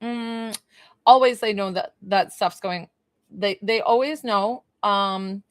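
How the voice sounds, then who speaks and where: A young woman gives a psychic reading in a loose, searching way, full of "um" and "like" and questions to the sitter. Her voice sits at an ordinary pitch. The sound is dry and close, with no room echo. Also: slow pace. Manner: chatty, hesitant, many fillers and questions. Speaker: psychic medium giving a reading. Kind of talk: live-streamed spiritual reading.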